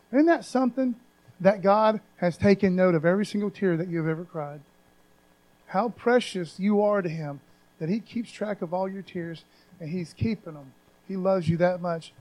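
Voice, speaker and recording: A man's voice: sits high, darkish tone, poor audio. A man preaching a sermon in a conversational, emphatic way, often adding "man" and raising his voice on scripture readings. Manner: raises voice when reading scripture aloud.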